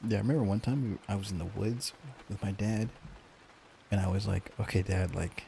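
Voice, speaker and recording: A man's voice: on the low side, brisk, creaky, dark tone, a little hiss or hum. A male streamer in casual chat with viewers, ranting and joking in a profane, mock-grumpy way.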